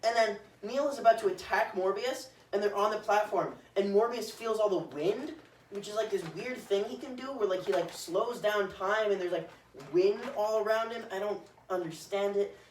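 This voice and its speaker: A man's voice: high voice, moderate pace, recorded from a distance. A young man rambling through a casual movie recap on a podcast, full of "like"s and silly acted-out quotes. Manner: rambling with many "like"s, acting out quotes in silly voices. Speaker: podcast co-host. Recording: roomy, off-mic, faint hiss.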